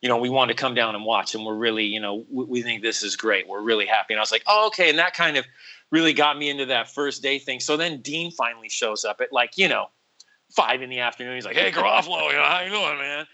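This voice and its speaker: A man in casual conversation, telling a long story. His voice sits mid-pitch with a bright, forward tone. He keeps it animated, full of "like" and "bro", and acts out what others said. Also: fast, poor audio.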